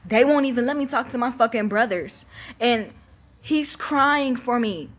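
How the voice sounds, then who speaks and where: Profane thirteen-year-old girl venting, slow. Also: fairly high pitch. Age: teens. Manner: profane, emphatic, exasperated. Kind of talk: venting to camera.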